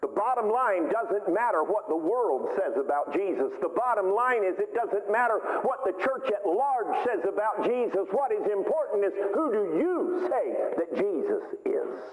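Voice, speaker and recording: A man delivers a sermon from the pulpit, his fairly high voice swinging up and down with lively, emphatic rises. The sound rings with a long, echoey reverb, as if caught in a large church hall. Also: normal speed, hardly any pauses. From United States. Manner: preaching with sweeping pitch and emphatic rises. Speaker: pastor.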